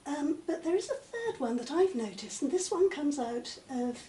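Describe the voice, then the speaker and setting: In a conversational interview, this woman, a literature professor, talks articulately and at a measured pace, filling gaps with plenty of "um"s. Her high, mellow voice swings widely in pitch, recorded from a distance in a reverberant room with a little background noise.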